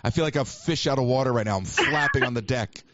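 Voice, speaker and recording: A man's voice: medium pitch, fast, fairly bright tone, highs cut off, slight background noise. A man hosting a live call-in show, talking in a rambling, chatty and self-mocking way. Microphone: livestream mic.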